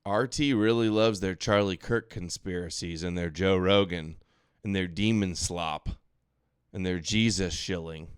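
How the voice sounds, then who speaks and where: A man's voice: sits low, measured pace, smooth, no room sound, studio quality. A man hosting a late-night livestream, reacting to clips with sarcastic, dismissive comments. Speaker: livestream host.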